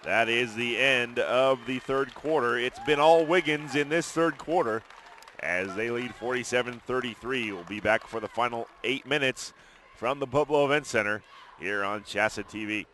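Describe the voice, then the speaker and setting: A man calling play-by-play of a high school basketball game in brisk, chatty commentary from an arena booth. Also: a bit bright, a little hiss or hum. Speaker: play-by-play announcer.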